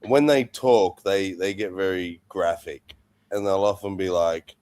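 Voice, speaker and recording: A man's voice: sits low, a little slow, a little mellow. A man chatting casually with friends, teasing them with crude jokes. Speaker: streamer hanging out with friends. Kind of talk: casual chat.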